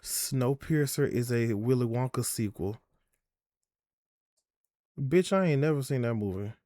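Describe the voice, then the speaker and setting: A man's voice: medium pitch, unhurried, warm tone, dry recording, clean studio sound. Sassy chatty young man streaming. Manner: sassy, chatty, swearing, calls chat "girl" and "y'all". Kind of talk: casual live-stream chat.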